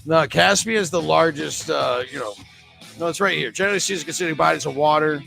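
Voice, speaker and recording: New england guy hosting bar trivia, kinda high and raspy, cracks jokes, faint music playing. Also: fast talker, sharp tone. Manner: joking, chatty, reads questions and scores. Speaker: trivia host.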